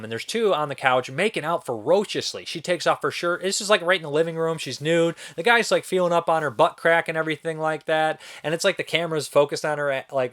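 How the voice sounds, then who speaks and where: A man's voice: on the high side, a bit bright. A young man giving a casual spoken film review, rambling and incredulous, swearing now and then. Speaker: movie reviewer.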